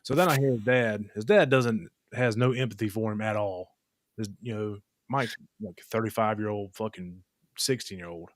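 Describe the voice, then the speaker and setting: A man's voice: lowish voice, moderate pace, no echo, clean studio sound. A man hosting a podcast, telling a story in casual chat with blunt, profane language and lots of fillers. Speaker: podcast host. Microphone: podcast microphone.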